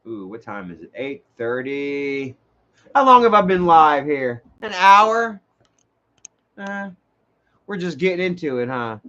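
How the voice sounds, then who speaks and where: A man telling rambling, profane stories on a casual livestream. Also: a little high. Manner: rambling, profane, animated storytelling. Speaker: livestream host. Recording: dull lo-fi stream audio.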